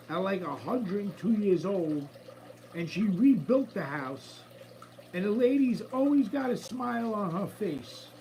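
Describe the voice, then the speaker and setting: A man with a high-pitched voice hosts a relaxed live stream from his room at home, chatting upbeat and easy with his viewers. A tank's running water trickles faintly behind him. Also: a little hiss or hum, low-quality recording. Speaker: livestream host. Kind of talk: casual live-stream chat. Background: faint running water from a tank.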